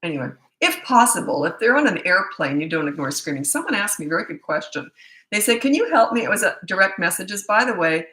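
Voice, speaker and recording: A woman's voice: fairly low pitch, lively intonation, fast, bright, forceful tone, roomy sound, rough recording. Blunt, tired-voiced woman parenting coach. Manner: blunt, casual, loses track mid-thought. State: losing her voice. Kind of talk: live Q&A, answering viewer questions.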